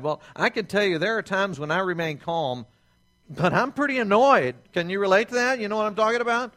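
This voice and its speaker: A man preaching a sermon as pastor, slowing down to stress key phrases and reading scripture aloud. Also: sits high, a bit bright. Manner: reads scripture aloud with pleading quoted voices.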